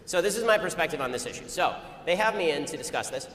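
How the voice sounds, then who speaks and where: Fast-talking man in an echoing hall. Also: on the high side, expressive, fairly bright tone. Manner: rapid-fire, argumentative storytelling. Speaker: speaker addressing an audience. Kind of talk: anecdotal public talk. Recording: echoey hall with long reverb, faint ambient noise.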